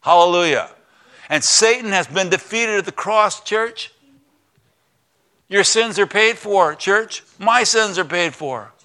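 A male pastor preaching a sermon, retelling a story in lively plain words, swinging from loud exclamations to hushed emphasis. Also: high-pitched, slow.

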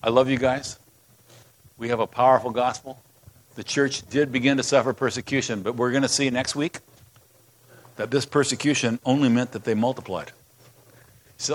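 A man's voice: mid-range voice, moderate pace, long pauses. A man preaching a sermon as pastor, reading scripture aloud with passion and emphasis.

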